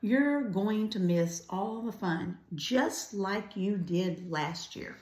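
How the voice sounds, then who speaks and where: An older woman reading a storybook aloud and voicing a bossy, grumpy little girl in a slow, scolding way. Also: medium pitch, expressive, a little mellow. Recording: roomy echo.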